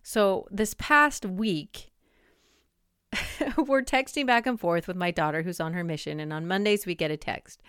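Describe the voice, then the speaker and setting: Podcast host, woman, 40s; slightly low, smooth voice, casual rambling delivery, dry close mic. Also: measured pace, a bit bright, dry recording. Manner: chatty, rambling, lots of "like" and "um". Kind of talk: casual monologue.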